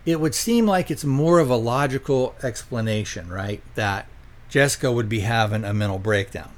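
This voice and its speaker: A man's voice: mid-range voice, normal speed. A man hosting a podcast, retelling a film's plot in a loose, rambling way, full of fillers and offhand paraphrased quotes. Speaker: podcast host reviewing films. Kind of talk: casual plot recap.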